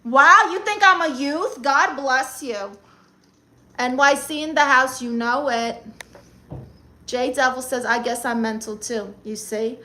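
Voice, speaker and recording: A woman's voice: high-pitched, measured pace, bright, forceful tone. A woman from Brooklyn with a New York accent, casually chatting on a live stream and firing sassy comebacks at viewers. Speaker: comedian live-streamer reading chat.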